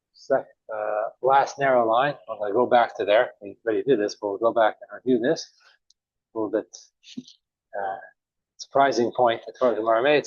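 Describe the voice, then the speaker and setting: A man teaching a morning Talmud class, telling a story casually with many pauses and restarts. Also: lowish voice, dry recording. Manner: relaxed, halting, many uhs and restarts. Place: synagogue or study room. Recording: dull, dry recording.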